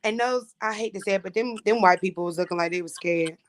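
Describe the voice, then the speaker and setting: A woman's voice: medium pitch, fast talker, slight background noise. A young woman from Florida, chatting casually and bluntly about an audition with lots of slang and profanity. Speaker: audition contestant. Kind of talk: casual chat.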